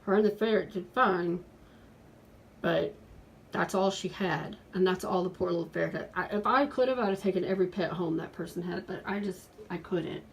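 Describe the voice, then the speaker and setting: This time the breathless forty-something pet vlogger sounds fairly low and gravelly, moving at a moderate pace on a low-quality recording with a little hiss or hum. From her pet room she speaks earnestly in a casual home video, sometimes pleading with viewers.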